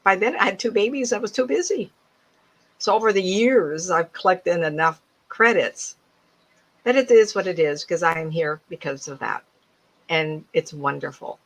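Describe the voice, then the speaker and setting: A woman in her seventies, a psychic medium giving a casual talk to an audience, animated and laughing often as she acts out other people's voices. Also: on the low side, moderate pace, low-quality recording. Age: 70s.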